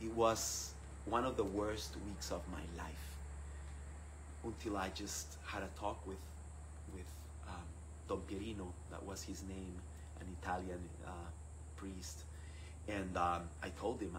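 A man from Rica, telling a personal story in an animated way, laughing and acting out what others said. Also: low voice, a little slow, background noise. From Costa Rica. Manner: animated, acts out quoted voices, laughs often. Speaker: speaker sharing his personal story.

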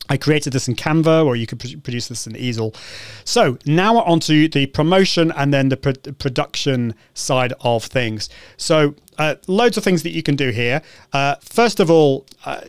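A man's voice: on the high side, clear, resonant tone, dry recording. A British man hosting a live-stream tutorial in a chatty, upbeat way, full of ums and restarts. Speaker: live show host.

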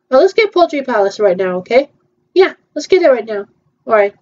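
A woman's voice: on the high side, very animated, brisk, darkish tone. Hesitant woman on a dull lo-fi recording. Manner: hesitant, frequent ums, playful back-and-forth. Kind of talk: casual virtual theme-park tour chat.

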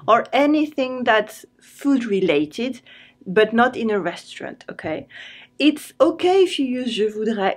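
A French woman, a language teacher, explaining vocabulary clearly and patiently and repeating words slowly so they can be copied. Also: on the high side. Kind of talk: vocabulary lesson.

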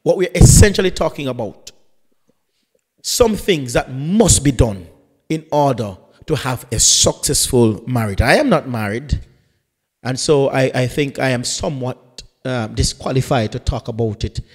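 A man's voice: medium pitch, animated, measured pace, husky, long reverb tail. A man, a pastor hosting a live radio talk show, introducing his guest in a chatty, teasing way with rambling asides.

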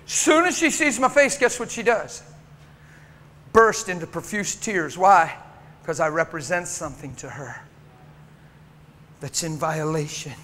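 High-voiced male preacher in a reverberant church. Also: fairly bright tone. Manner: emotional storytelling, acting out quoted people. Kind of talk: sermon. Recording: long church reverb, faint background noise.

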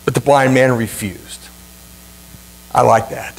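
A male pastor preaching a sermon with emphatic, dramatic repetition and swings in pitch. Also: fairly even intonation, takes it slowly, vocal fry, long pauses, husky, rough recording. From Ohio, USA.

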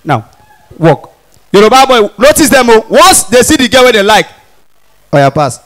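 A young man doing stand-up comedy with a Nigerian Pidgin accent, animated and playing characters as he tells his jokes. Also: very high voice, a little fast. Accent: Nigerian Pidgin English. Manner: animated, mimics characters, shifts between Pidgin and Yoruba. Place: stage in front of a live audience.

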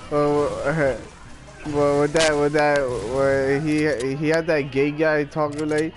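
A man's voice: a little high, level tone, slow. A young man with a Massachusetts accent chatting casually while gaming, joking and often stammering over his words. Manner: joking, laughing, stammering restarts. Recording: loud music behind voice.

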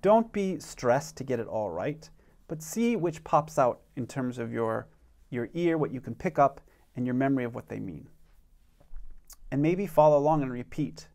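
A man teaching an online beginner language lesson, speaking slowly and patiently and modeling phrases for learners to repeat. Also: medium pitch, expressive, gravelly, a little mellow.

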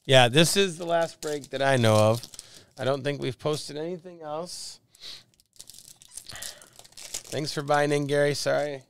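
Gravelly man hosting a card break. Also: on the high side, measured pace, pauses often, slight background noise. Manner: chatty, joking about name pronunciations. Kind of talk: casual live-stream chat.

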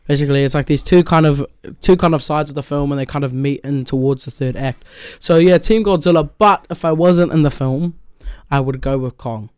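A young New Zealand man talks loosely through an interview, leaning on "like" and "um". His voice sits a little high, and the sound is dry and close. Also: a little fast, few pauses, darkish tone, smooth, no echo. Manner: chatty, loose, full of "like" and "um". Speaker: actor being interviewed. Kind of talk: casual interview chat.

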